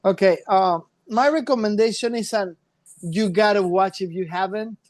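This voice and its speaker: A man's voice: high-pitched, moderate pace, darkish tone, no echo. Male podcast co-host, loose rambling chat, dry close mic. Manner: loose, rambling, playful, switches into Spanish. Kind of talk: casual chat.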